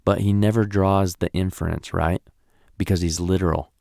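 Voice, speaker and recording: A man's voice: low-pitched, steady tone, moderate pace, creaky, darkish tone, no echo, clean studio sound. A man teaching a recorded training lecture, conversational and often checking in with "right?".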